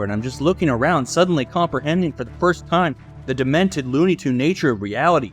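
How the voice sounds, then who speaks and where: A man's voice: a little high, lively intonation, fast talker, few pauses, soft background music. A young man from the United States delivering scripted commentary narration as a video essayist, sardonic and profane.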